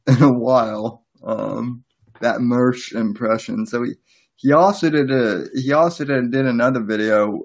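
A man hosting a podcast in casual chat, halting and full of restarts. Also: medium pitch. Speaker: podcast host.

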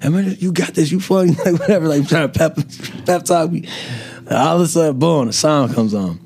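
A man's voice: a little high, normal speed, vocal fry, a little mellow, breathy edge. A young man, a comedian guest, telling a story in casual chat with lots of laughs and restarts. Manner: rambling, laughing, fillers and restarts.

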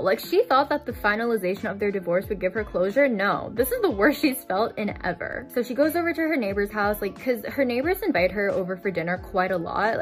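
A woman giving a casual, chatty storytime recap of a novel, filling her talk with "like". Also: medium pitch. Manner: chatty, fills with "like". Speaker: book vlogger. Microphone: desk microphone.

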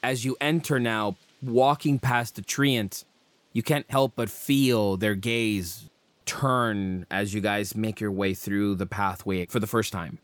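Slow-narrating male game master. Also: lowish voice, steady tone, no echo. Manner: descriptive, unhurried narration with casual fillers.

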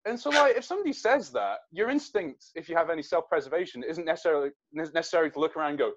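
A man, a guest actor, telling an animated story in a casual interview, with hesitant restarts. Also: on the high side, rapid-fire, hardly any pauses, dull audio.

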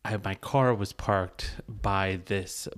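A man's voice: on the low side, steady tone, takes it slowly. A man telling a rambling, profane bar story in casual podcast chat, laughing often.

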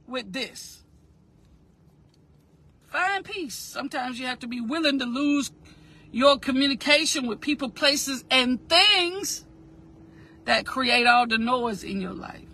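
Her voice sits high, animated and bright, with a forceful tone and a breathy edge, moving slowly with long pauses. As a motivational speaker, she preaches to her listeners, stressing repeated phrases and having them say lines along with her.

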